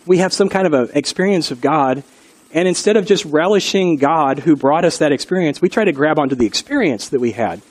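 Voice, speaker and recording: Earnest preaching man, slightly high voice. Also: animated, brisk. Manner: earnest, conversational preaching with storytelling. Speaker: pastor. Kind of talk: sermon.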